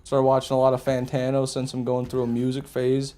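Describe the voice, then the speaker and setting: A man's voice: medium pitch, completely flat delivery, fairly quick, dark tone, clean tone. A man streaming a video game live, chatting with viewers in a casual, profane, joking way and laughing at his own jokes. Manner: chats with viewers while playing. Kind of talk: casual live gameplay commentary.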